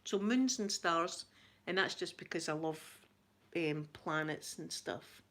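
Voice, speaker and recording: A woman's voice: fairly low pitch, slow pace. Chatty Glaswegian woman, laughing often. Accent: Glaswegian Scottish. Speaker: ASMR channel host answering live chat. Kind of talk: casual live-stream chat.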